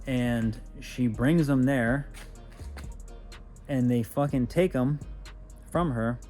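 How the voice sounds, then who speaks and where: A man's voice: medium pitch, slow pace, mellow, soft background music. A man vlogging about his car, telling a rambling, casual story full of swearing and filler phrases.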